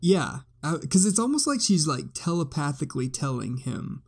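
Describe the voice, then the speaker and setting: Man with a gravelly voice chatting about a movie. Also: a little high, very animated, moderate pace. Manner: loose, with fillers. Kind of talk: casual chat about a movie.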